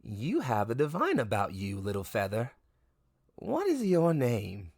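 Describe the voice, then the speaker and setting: A man voicing an ancient, wise turtle-folk sage woman who speaks slowly and gently. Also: mid-range voice, huge pitch swings, no room sound, studio quality, full character voice. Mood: gentle.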